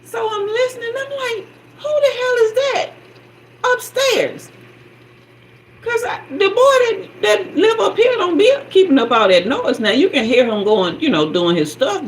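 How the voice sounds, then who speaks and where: A woman host telling a personal story in a sassy, animated way, acting out sounds and quoted dialogue. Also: sits high, slight background noise, low-quality recording. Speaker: spiritual guide and channel host.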